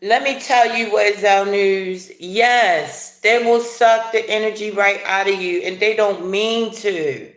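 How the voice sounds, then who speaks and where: A middle-aged woman hosting a casual livestream, chatting in a rambling, playful way with animated asides. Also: medium pitch, slow, hardly any pauses, reverberant. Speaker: livestream host. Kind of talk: casual live chat while eating breakfast.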